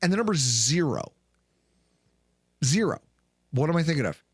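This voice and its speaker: A man in his late twenties or thirties co-hosting a sports recap show, telling game stories with lively acted-out quotes. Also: on the high side, moderate pace, breathy edge, no echo, clean studio sound. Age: late 20s or 30s. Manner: animated storyteller, acts out quotes loudly. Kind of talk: casual sports talk.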